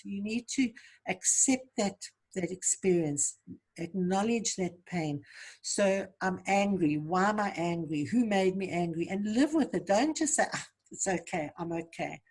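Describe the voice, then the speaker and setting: A woman's voice: medium pitch, darkish tone, breathy edge. A woman guest in an interview, speaking earnestly and reflectively about healing and giving advice. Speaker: guest, trauma survivor coach. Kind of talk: interview answers, personal story.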